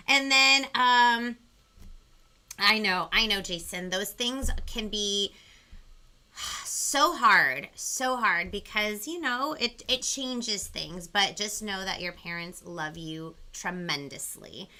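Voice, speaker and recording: This young woman hosts a bilingual live-stream lesson for kids, speaking straight to her viewers in a bubbly, sing-song way. Her voice sits at medium pitch, and she talks slowly with a sharp tone.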